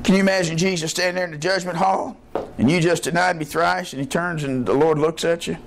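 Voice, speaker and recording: A pastor preaching an evening church sermon in a folksy way, often calling out "Amen" and asking the congregation questions. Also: male voice, fairly high pitch, steady tone, a little fast, vocal fry, slight background noise. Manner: folksy preaching with frequent "Amen" call-outs. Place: church service with a responding congregation.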